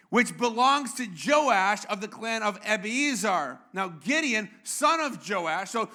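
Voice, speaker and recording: A man's voice: very high-pitched, bright, forceful tone. A male pastor preaching a sermon in a conversational way, with joking asides and frequent restarts.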